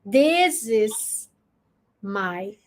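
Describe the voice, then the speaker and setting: A woman hosting a live stream, giving earnest, encouraging relationship advice in a deliberate way. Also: medium pitch, sing-song. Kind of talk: motivational live talk.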